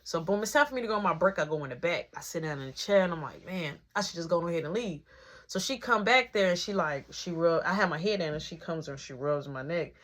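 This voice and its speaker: A woman's voice: fairly low pitch, expressive, quick pace, fairly bright tone. A woman telling a rambling work story in a casual, slangy way, acting out the back-and-forth of the people in it. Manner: slangy, rambling, acts out quoted dialogue.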